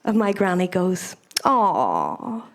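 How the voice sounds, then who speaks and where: A young woman performs stand-up into a handheld mic on a comedy club stage. Her voice sits a little high, and her delivery is loose, chatty and profane. She mocks herself and laughs along with her own jokes. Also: lively intonation, normal speed.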